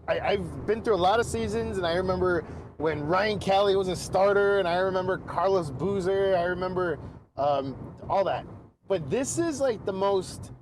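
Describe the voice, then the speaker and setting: A man co-hosting a casual podcast, talking excitably with lots of "like" and restarts. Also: sits high, normal speed, noisy background. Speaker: podcast co-host. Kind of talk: casual sports and pop culture chat.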